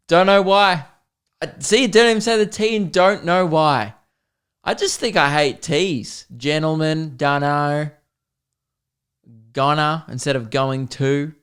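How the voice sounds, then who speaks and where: A man's voice: high voice, measured pace, a bit bright, smooth. An Australian man hosting a podcast, talking alone in a rambling, self-deprecating, joking way. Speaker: podcast host. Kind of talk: casual solo podcast monologue.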